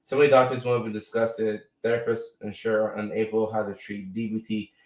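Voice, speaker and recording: A fairly low-voiced American man with little pitch movement talks a little fast and slightly mellow while casually hosting a live stream. He often tags points with "right?" and fillers, and he's far from the mic, a bit off it, in an echoey room.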